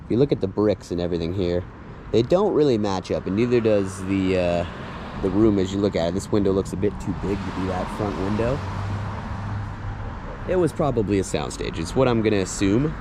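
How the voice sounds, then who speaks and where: An excited man narrating a casual walk-and-talk outdoors, chuckling often as he retells scenes. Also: sits low, brisk. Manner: excited, chuckles often, acts out movie lines. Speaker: filming-location vlogger. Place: outdoors on streets and a driveway. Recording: outdoor traffic noise.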